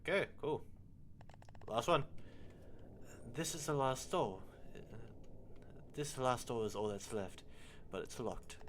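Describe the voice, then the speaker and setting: A man's voice: mid-range voice, animated, slow pace, pauses often, a bit bright, slight background noise. A man casually commenting while playing a game, blunt and swearing freely. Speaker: gamer playing through a game. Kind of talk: casual let's-play commentary.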